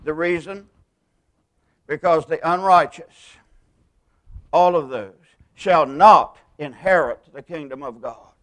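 A man preaches with a high, smooth, resonant voice. He leans hard on single words and slows down when he quotes scripture. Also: fairly bright tone. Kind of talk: sermon.

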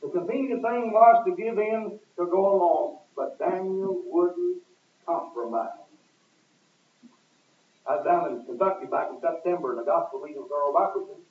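A man preaching a sermon in a church, pressing his points with sudden loud emphasis and swinging his voice up and down. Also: high-pitched, moderate pace. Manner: emphatic, rising and falling with sudden loud stresses. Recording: echoey, distant, tinny lo-fi recording.

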